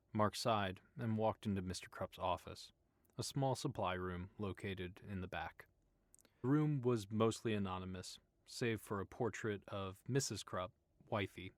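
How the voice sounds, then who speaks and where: In a steady, even storytelling manner, a low-voiced man reads an audiobook aloud, and the recording carries no room sound.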